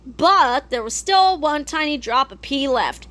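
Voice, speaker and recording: High-voiced woman reading a kids' comic aloud. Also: measured pace. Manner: animated, reads sound effects aloud. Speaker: read-aloud narrator.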